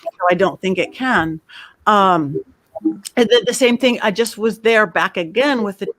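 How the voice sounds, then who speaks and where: A middle-aged woman on a panel, telling lively stories and acting out the quoted voices in them. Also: mid-range voice, measured pace, dry recording, clean studio sound. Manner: animated storyteller, acts out quotes. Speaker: medium, panel guest. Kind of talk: casual panel chat.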